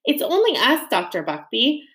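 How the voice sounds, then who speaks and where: A woman's voice: mid-range voice, big pitch swings, measured pace, a bit bright. Woman voicing an urgent, breathless young boy. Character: bold boy hiding a pet pig.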